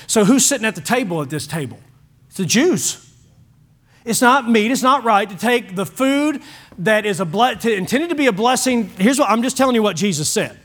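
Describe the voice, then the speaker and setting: A man preaching a sermon as pastor, folksy and animated, swinging from loud to hushed. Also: high voice, a little fast.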